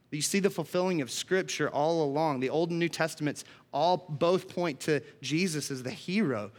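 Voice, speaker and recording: A man's voice: mid-range voice, a bit bright. A man preaching a sermon, earnest and emphatic, reading scripture aloud and explaining it.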